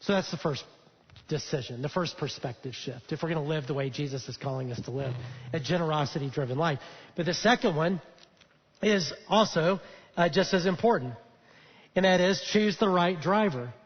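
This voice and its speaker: A pastor with a high voice gives a sermon in a loose, conversational way, pausing often on fillers. His voice carries a long reverb in a church auditorium. The sound is a bit muffled. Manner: conversational storytelling with frequent fillers. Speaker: lead pastor. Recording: dull echoey church hall.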